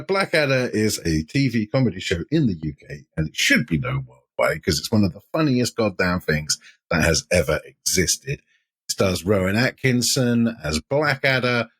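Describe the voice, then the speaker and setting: Brief: British male podcast co-host, lively pitch, husky, low, emphatic. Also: normal speed. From United Kingdom. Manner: animated, emphatic, swears casually. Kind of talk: casual chat.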